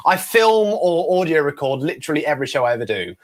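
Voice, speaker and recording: A man's voice: fairly high pitch, sing-song, quick pace. A young English man, a ventriloquist guest, telling stories in a chatty, self-deprecating way. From England. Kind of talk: casual interview chat.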